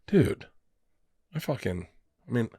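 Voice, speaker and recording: Man, 50s, comedian guest, casual podcast chat, profane, animated, does voices in anecdotes. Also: mid-range voice, slow pace, breathy edge, no echo, studio quality. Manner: profane, animated storyteller acting out quotes.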